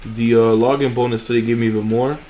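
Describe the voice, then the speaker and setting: A man's voice: medium pitch, fairly even intonation, quick pace, dark tone, faint music behind. A young man hosting a mobile game channel, chatting casually and rambling with fillers and restarts over his gameplay.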